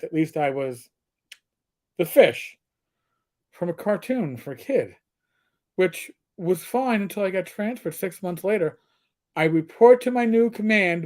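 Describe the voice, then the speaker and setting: A man's voice: on the high side, darkish tone. A middle-aged man, a former police officer co-hosting a livestream, telling blunt, profane stories in casual chat. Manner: blunt storyteller, swears freely.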